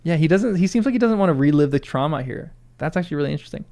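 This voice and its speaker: A man's voice: on the high side, expressive, rapid-fire, warm tone. A man reading a novel aloud for the first time, breaking off for laughing, self-deprecating asides. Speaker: first-time book reader.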